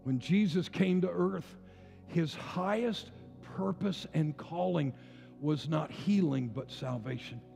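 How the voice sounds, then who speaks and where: A man in his sixties, a pastor, preaching with passionate rising declarations and quieter storytelling. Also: a little high, slow, creaky. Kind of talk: sermon. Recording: long hall reverb with faint music.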